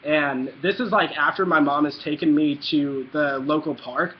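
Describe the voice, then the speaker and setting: A young man with a slightly high voice rambles through a childhood story for his vlog, stopping and restarting often. The audio is dull and lo-fi, with a faint hiss underneath. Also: steady tone, normal speed. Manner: rambling, filler-heavy with frequent restarts. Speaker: vlogger.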